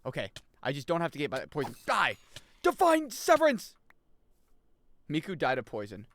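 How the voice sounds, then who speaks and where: Excitable male game streamer, lively pitch. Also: rapid-fire. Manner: excitable, jokey, reacts loudly and reads chat aloud. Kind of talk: live gaming commentary.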